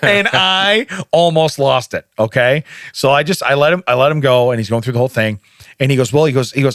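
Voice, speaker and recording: Easygoing middle-aged male host, anecdote teller, average pitch, dry studio sound. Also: a little fast, fairly bright tone, no echo. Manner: easygoing storyteller, acts out quotes. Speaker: podcast host. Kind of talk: casual chat, anecdote telling.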